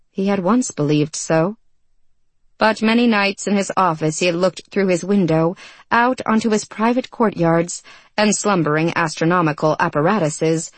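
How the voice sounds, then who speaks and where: A woman reading a fantasy novel aloud in measured, even storytelling. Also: fairly low pitch, no room sound. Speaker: narrator. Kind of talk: scripted audiobook narration.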